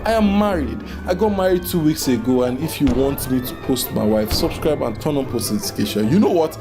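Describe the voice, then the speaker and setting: A man's voice: medium pitch, expressive, fairly quick, over music. Joking young Nigerian man recapping a movie. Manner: joking, teasing, playful asides with laughs.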